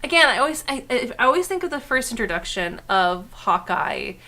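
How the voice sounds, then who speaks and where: A woman co-hosting a casual chat, swearing freely and breaking into loud shrieks and outbursts. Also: a little high, big pitch swings, fairly quick. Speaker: co-host.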